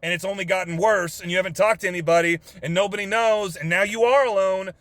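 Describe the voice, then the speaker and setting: A man's voice: high voice, steady tone, fast, fairly bright tone, no room sound. A young man from Texas with a drawl, earnestly telling an emotional story in his car, swearing casually with lots of fillers. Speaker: vlogger. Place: parked car.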